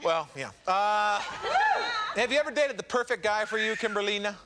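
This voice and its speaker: A man's voice: high voice, animated, normal speed. A man hosting a dating game show in a TV studio, joking and teasing the contestants. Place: TV studio with audience. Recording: noisy studio with loud crowd.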